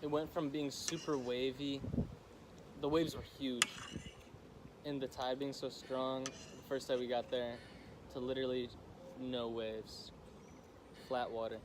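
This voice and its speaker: Soft-spoken young man, casual chat. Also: mid-range voice, little pitch movement, a little slow, long pauses. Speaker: vlog co-host. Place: vacation house near a beach. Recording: noisy background.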